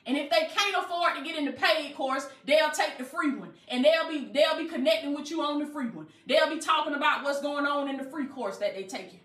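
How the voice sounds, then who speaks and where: A woman's voice: sits high, expressive, a little fast, hardly any pauses, a bit bright, echoey room. A woman coach preaching motivationally, emphatic and colloquial, with call-and-response phrasing. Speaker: life coach.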